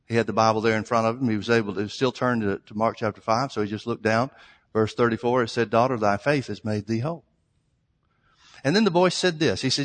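A man's voice: medium pitch, fast. A man preaching a sermon, reading scripture aloud and retelling a story with fillers and restarts. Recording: long hall reverb.

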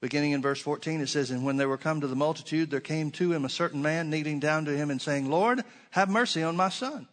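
Male preacher, slightly high voice, sermon delivery, emphatic scripture reading with quiet asides. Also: level tone, fast, few pauses. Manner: reads scripture aloud, rising to emphatic stresses, drops to soft asides.

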